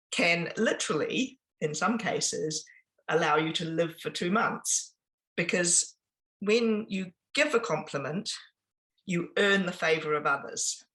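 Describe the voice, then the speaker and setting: A woman giving an informal business presentation, chatty and pausing often with ums and restarts. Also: fairly low pitch, fairly bright tone, poor audio. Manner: conversational, with frequent ums and restarts.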